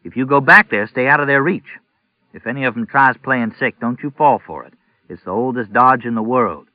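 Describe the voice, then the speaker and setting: A man's voice: medium pitch, normal speed, no echo, voice pushed up, close to an everyday voice. A man voicing a heavy, ailing middle-aged rural sheriff with a folksy manner. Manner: folksy, drawling, a bit weary. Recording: tinny narrow-band audio.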